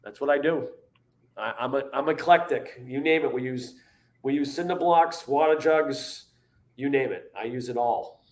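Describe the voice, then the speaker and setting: A man's voice: mid-range voice, normal speed, a little mellow. A man with a Boston accent, a fitness trainer giving a punchy, joking motivational guest interview. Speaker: fitness trainer and transformation coach.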